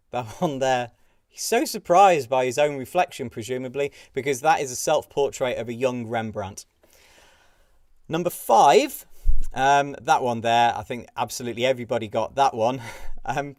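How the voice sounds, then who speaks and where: A man runs through quiz answers in a relaxed, chatty way. He often hesitates with fillers and chuckles along. His voice sits in a middle pitch and the sound is dry and close, with no room echo. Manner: chatty, giggles at pictures, frequent fillers. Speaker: pub quiz host. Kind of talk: casual live-stream quiz answer run-through.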